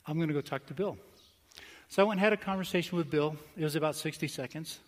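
A male pastor telling a story in a conversational sermon, with quick asides and slow, emphatic phrases. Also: fairly high pitch. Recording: long hall reverb.

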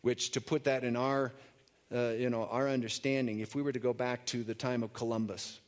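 A man preaching a conversational sermon, telling stories in a relaxed way with fillers and restarts. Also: mid-range voice, brisk. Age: adult. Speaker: pastor.

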